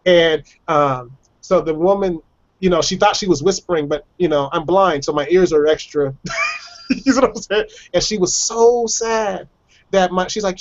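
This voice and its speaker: Brief: fairly high-pitched male guest, chatty storyteller who laughs a lot, muffled video call sound. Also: normal speed. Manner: chatty, laughs often, acts out voices of others. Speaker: guest telling personal stories. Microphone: video call microphone.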